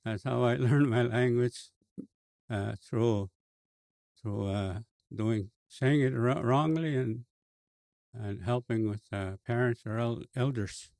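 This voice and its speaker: A man with a Cree accent, a bishop telling a personal story in a slow, halting way with many fillers and restarts. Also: medium pitch, vocal fry, darkish tone, dry recording. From Canada.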